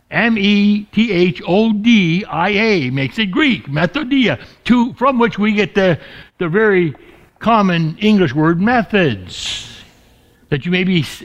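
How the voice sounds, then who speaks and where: A man preaching a sermon as pastor, stretching key words slowly and dropping his voice low for emphasis. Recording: dull lo-fi recording.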